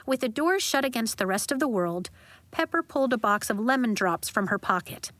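Expressive woman reading a storybook. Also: on the high side, fairly quick, dry recording. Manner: gentle, expressive narration. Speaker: narrator.

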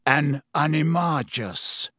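Man voicing a croaky haggard prisoner, slow, grim, audiobook, dry sound. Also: fairly high pitch, bright, forceful tone, no room sound, full character voice.

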